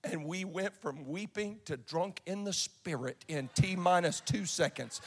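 A man preaching a sermon, telling a story with passion and moving between shouts and hushed, quiet lines. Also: sits high, a little slow, hardly any pauses, slightly rough, long reverb tail. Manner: impassioned storytelling, swinging from shouts to hushed tones.

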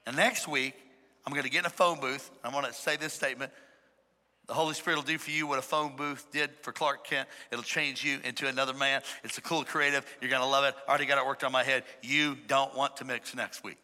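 A man preaching a sermon to a congregation, emphatic and playful, calling on the crowd to shout back. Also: mid-range voice, steady tone, fast. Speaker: pastor. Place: large church hall. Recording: echoey hall reverb.

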